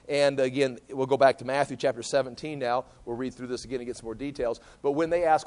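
A man preaching from scripture in a slightly high voice. He reads passages aloud, then talks through them in a loose, conversational way, often repeating words as he works out his point. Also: a little fast, a little mellow. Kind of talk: Bible teaching sermon.

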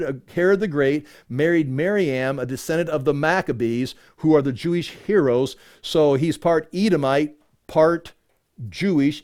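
Man, preacher, conversational Bible teaching, casual asides, lots of "you know", a bit high-pitched. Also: a little mellow. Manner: reads passages aloud, then explains in casual asides; chatty, self-correcting, many "you know"s.

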